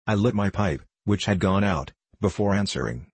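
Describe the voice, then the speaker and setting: Deep husky man narrating an audiobook. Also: lively intonation, darkish tone, dry recording. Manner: measured, storytelling.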